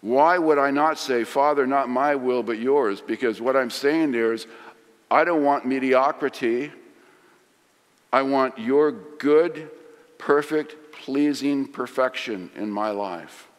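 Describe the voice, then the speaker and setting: A middle-aged man preaching a sermon, swinging from loud emphasis to hushed lines. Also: medium pitch, takes it slowly. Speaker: pastor. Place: large church sanctuary. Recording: long hall reverb.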